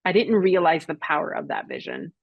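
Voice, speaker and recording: A middle-aged woman telling her personal story as a podcast guest, reflective and halting, with tearful moments. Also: on the low side, expressive, gravelly, slightly rough, no echo, dull audio.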